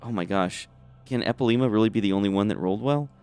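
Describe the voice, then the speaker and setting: A man with a lowish, clean, resonant voice runs a tabletop game as game master. He describes rooms and calls for dice rolls in a relaxed, easygoing manner. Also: fast talker, clear, resonant tone, faint music behind.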